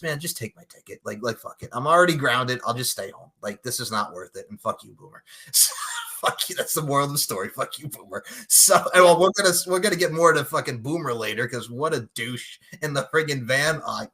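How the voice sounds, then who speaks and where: Animated swearing man, husky bright voice. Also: medium pitch, fairly quick. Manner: animated, swearing, acts out characters' lines. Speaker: podcast co-host. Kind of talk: casual podcast chat recapping a movie.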